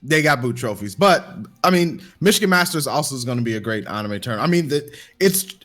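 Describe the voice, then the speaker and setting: A man co-hosting a gaming podcast, talking quickly and rambling with many filler words. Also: on the high side, expressive, fairly bright tone, faint music behind. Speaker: podcast co-host. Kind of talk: casual chat.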